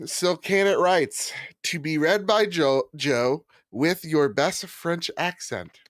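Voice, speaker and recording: A man's voice: fairly high pitch, takes it slowly, no echo, clean studio sound. A man co-hosting a casual gaming podcast, joking around and laughing often. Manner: laughing, joking, tries fake accents. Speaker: podcast co-host.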